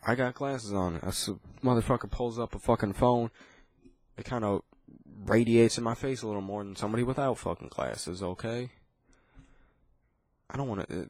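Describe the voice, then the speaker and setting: A man's voice: fairly low pitch, no room sound. A man ranting casually, swearing constantly and rambling with frequent restarts. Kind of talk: casual profane rant.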